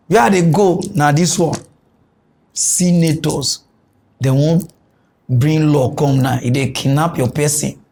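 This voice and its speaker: A man with a Nigerian Pidgin English accent hosting a satirical comedy news show, ranting animatedly and switching between loud outbursts and low mutters.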